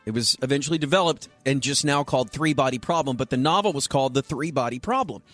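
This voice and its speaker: A man co-hosting a radio show, chatting casually and telling a long story to his co-hosts in an animated way. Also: medium pitch, fast talker, soft background music. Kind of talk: casual sports-radio banter.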